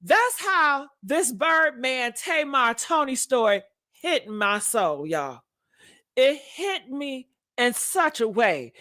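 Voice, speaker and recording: A woman's voice: sits high, sing-song, takes it slowly, sharp tone. A woman giving dramatic gossip commentary, preachy and emphatic, repeating her lines for effect. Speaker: commentary vlogger.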